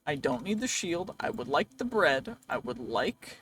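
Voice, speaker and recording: A man's voice: a little high, sing-song, measured pace, fairly bright tone. A man hosting a let's play, talking to himself in a rambling, playful way as he goes, his voice a bit worn. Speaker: gaming channel host.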